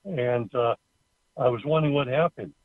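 A man in his seventies, a caller leaving a halting, plain complaint over the phone. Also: mid-range voice, no room sound. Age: 70s. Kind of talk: phoned-in recorded rant. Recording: tinny phone line.

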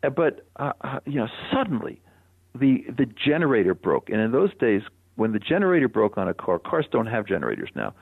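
An older man, a radio guest, telling a personal story in a reflective, animated way with soft chuckles. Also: medium pitch, a little fast, vocal fry, slightly rough, no room sound. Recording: phone-line radio interview.

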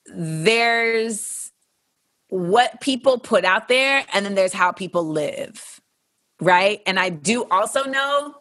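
A woman's voice: mid-range voice, animated, slow pace, fairly bright tone, no echo, clean studio sound. A young adult woman hosting, answering listener questions in a frank, casual, profane way, acting out the voices she quotes. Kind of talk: casual candid commentary.

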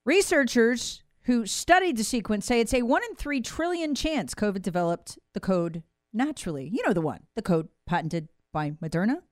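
Sarcastic woman commentator, dry and lively. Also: moderate pace, dry recording. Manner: sarcastic, mocking impressions of officials; animated swings between loud jabs and low asides. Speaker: political commentator host. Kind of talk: opinionated political commentary.

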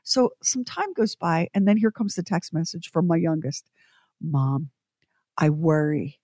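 A middle-aged woman co-hosts a radio show and tells a story in a lively, self-mocking way. She acts out the other people's lines in exaggerated voices. Her voice sounds dry and close, with no room around it. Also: on the low side, moderate pace, dry recording. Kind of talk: casual storytelling on morning radio.

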